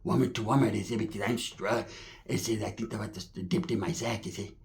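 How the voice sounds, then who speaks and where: A man's voice: lowish voice, steady tone, a little fast, darkish tone. A man with a Californian accent telling a rambling, profane street story full of slang and acted-out quotes.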